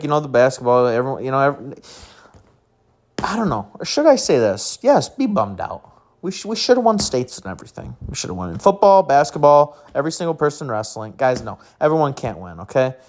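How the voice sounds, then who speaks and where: A man from mid-Michigan hosting a casual sports podcast, rambling and joking at his own expense. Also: medium pitch. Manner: rambling, joking, self-mocking.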